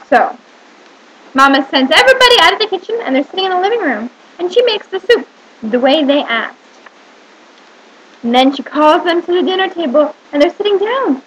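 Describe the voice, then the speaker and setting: Very high, lively woman reading to children. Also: slight background noise, rough recording. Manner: animated storytelling with questions to the listener. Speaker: teacher. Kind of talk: reading a picture book aloud to young children.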